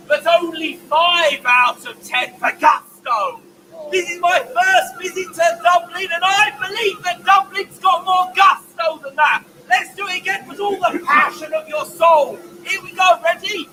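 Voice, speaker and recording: A man performing as a poet on a city street, playful and exuberant, often shouting to draw the crowd into call-and-response. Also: very high voice. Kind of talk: street performance poetry with audience participation. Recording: distant mic, crowd and street noise.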